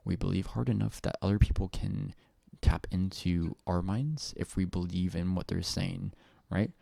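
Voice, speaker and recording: A man talking to his viewers in a rambling, excitable personal monologue, full of restarts and swearing. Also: sits low, normal speed, vocal fry, dry recording. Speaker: vlogger.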